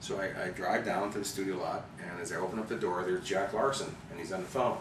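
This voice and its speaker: A man from Chicago, an interview guest, telling animated anecdotes and acting out the people he quotes. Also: deep voice, quick pace. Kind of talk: storytelling interview. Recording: roomy, distant mic with background noise.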